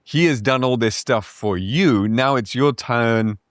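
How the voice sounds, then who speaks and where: A man's voice: mid-range voice, a little slow, clear, resonant tone, no room sound, clean studio sound. A man talking about faith and business in a casual, reflective podcast conversation, laughing now and then.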